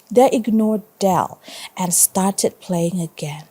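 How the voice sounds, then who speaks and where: Teacher lady reading a story to kids, slow, soft warm tone. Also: medium pitch, expressive. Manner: slow, stops to ask students questions. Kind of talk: reading a story aloud to pupils.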